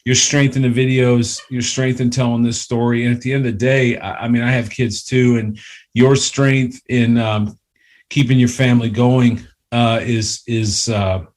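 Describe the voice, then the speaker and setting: A man hosting a podcast interview over a call, talking haltingly with many restarts and getting choked up. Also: medium pitch, level tone, darkish tone. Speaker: podcast host. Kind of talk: emotional casual interview chat.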